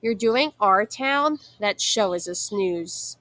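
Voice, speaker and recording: A woman's voice: mid-range voice, animated, slow pace, a bit bright, dry recording. Woman reading as a grumpy old grandfather. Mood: scoffing. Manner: blunt, complaining.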